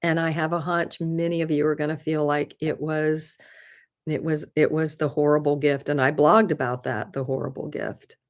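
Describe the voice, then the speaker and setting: Hosting a live stream, a woman answers viewer comments in a casual chat, speaking candidly and earnestly, often laughing at herself and offering encouragement. Her deep voice moves little in pitch, and she talks at a normal speed.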